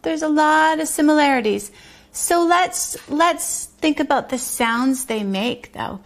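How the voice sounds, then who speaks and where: A woman leads a preschool sing-along lesson, her high voice carrying a gravelly edge. She talks slowly and gently, singing simple songs and making animal sounds for the children. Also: animated. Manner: patient, gently encouraging teacher talk. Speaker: preschool teacher.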